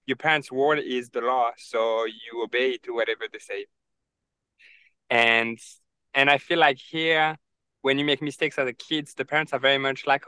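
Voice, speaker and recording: A young man from France with a French accent, telling stories with animated energy as a podcast guest. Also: medium pitch, normal speed, smooth, low-quality recording. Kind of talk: casual interview chat.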